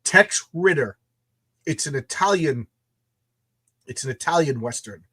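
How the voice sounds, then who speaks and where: A man's voice: fairly high pitch, lively intonation, unhurried, bright, forceful tone, slightly rough. An American man co-hosting a casual livestream chat, enthusiastic and often repeating words as he thinks. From United States. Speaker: co-host of a comics show.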